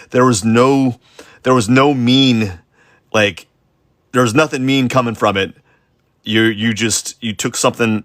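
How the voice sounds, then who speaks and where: Sketching live on stream, this artist rambles casually, mocks himself, and keeps restarting sentences amid plenty of fillers. He has a low, gravelly voice with a fairly bright tone. The recording is close and dry, with no sense of the room.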